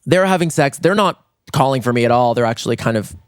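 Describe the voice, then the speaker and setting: A man hosting a comedy podcast, telling a comic story in an animated way and rushing through lines. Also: smooth, no room sound, clean studio sound. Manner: animated, rushes through lines, jumps to high squeals for quoted reactions.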